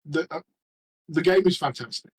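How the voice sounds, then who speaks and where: Chatty man, slightly high voice. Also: darkish tone, husky, rough recording. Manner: rambling, halting with many restarts. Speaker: regular panelist. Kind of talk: casual podcast chat.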